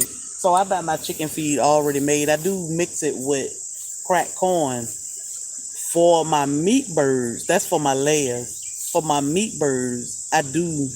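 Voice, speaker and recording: A woman's voice: low-pitched, a little mellow, slight background noise, rough recording. A woman hosting a homestead livestream, chatting casually and laughing as she answers viewer comments. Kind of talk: casual live chat.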